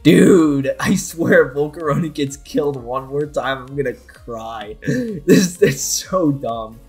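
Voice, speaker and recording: A man commentating his own competitive video game match, excitable, with frequent swearing and frustrated outbursts. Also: medium pitch, slow, soft background music. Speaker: gaming YouTuber.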